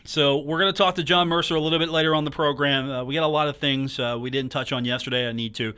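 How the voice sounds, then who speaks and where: A man's voice: fairly high pitch, steady tone, fast, bright, forceful tone, clear, resonant tone. A man hosting a sports radio show in a studio, talking in a joking, teasing, rambling way. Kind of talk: casual sports talk radio monologue.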